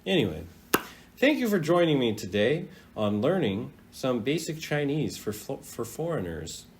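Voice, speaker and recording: Animated male teacher, chatty and relaxed, sliding through demonstrated sounds over faint noise. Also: medium pitch. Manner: lively, chatty, drawn-out demonstration of tones. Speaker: language teacher. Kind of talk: casual video lesson.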